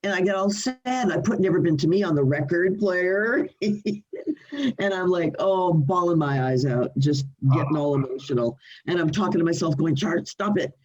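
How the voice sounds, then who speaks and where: An older woman, a singer and interview guest, telling animated stories from her home over a video call, laughing often and restarting her sentences. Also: on the low side, normal speed, muffled recording. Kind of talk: storytelling in a remote interview.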